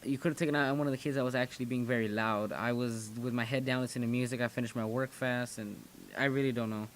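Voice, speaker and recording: A teenage boy talks straight to his viewers about his school days. He rambles and often restarts his sentences, in a voice of middle pitch. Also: fairly even intonation, quick pace, a little hiss or hum. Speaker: channel host. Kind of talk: casual storytelling commentary.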